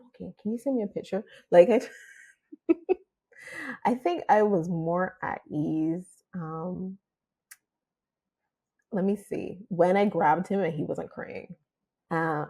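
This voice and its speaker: A woman hosting a podcast interview, telling her own stories in an animated way and acting out quotes. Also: deep voice, creaky, slightly rough. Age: adult mother. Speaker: podcast host. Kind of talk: casual interview chat.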